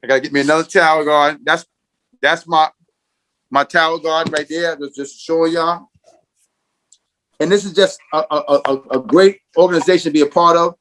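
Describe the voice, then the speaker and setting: A man's voice: on the high side, fairly even intonation, normal speed, pauses often, a bit bright. A man giving an enthusiastic, folksy testimonial on a video call. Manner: enthusiastic, folksy, repeats himself. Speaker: garden tour guest.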